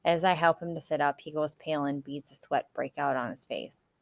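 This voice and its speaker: Low-voiced woman reading a novel aloud. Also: fairly even intonation, creaky. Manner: measured reading with small self-corrections. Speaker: audiobook reader.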